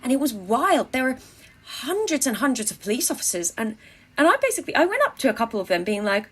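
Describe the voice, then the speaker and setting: A woman's voice: high-pitched, very animated, fairly bright tone, husky. Young woman chatting in an interview, dry humor, lots of ums and restarts. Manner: wry, tongue-in-cheek, halting with fillers. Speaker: interviewee, activist. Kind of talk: casual anecdotal storytelling.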